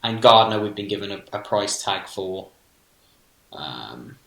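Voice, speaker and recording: A British man co-hosting a podcast, talking in a relaxed, matter-of-fact way with dry retorts. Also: fairly low pitch, measured pace, vocal fry. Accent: British English. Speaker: podcast co-host. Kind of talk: casual chat. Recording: echoey room.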